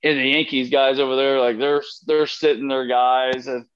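A man's voice: mid-range voice, flat delivery, moderate pace, clean tone, dull audio. A man as an interview guest, telling a long rambling anecdote and acting out the lines he and others said. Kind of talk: casual storytelling interview.

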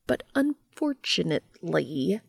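A woman's voice: lowish voice, big pitch swings, slow, vocal fry, slightly rough, no echo, studio quality, exaggerated voice. Woman voicing a sinister mocking entity. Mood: menacing. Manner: taunting, sing-song, hushed half-whispered delivery. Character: mocking shape-shifting entity, sinister, petulant. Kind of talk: fan fiction read aloud.

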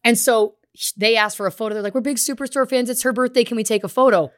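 A young adult woman co-hosting a podcast, telling an animated story, acting out the voices of the people in it, and laughing often. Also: on the high side, quick pace. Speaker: podcast co-host. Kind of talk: casual storytelling chat. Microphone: remote call.

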